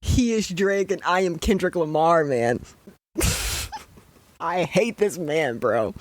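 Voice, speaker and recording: In casual show commentary, a young adult host swears through an exasperated, worked-up rant. The ordinary middle-pitched voice is animated yet slow. It's captured close and dry, with no room sound.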